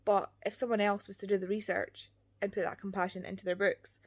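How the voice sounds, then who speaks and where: A woman's voice: mid-range voice, level tone, fairly quick. A young woman with a Scottish accent, chatting earnestly and rambling as a book vlogger, full of "like" fillers. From Scotland. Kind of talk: casual chat.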